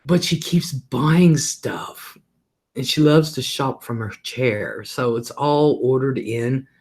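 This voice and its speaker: A man's voice: mid-range voice, slow pace. A middle-aged man hosting a livestream, talking casually and rambling about his day, often laughing and swearing offhandedly. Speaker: livestream host.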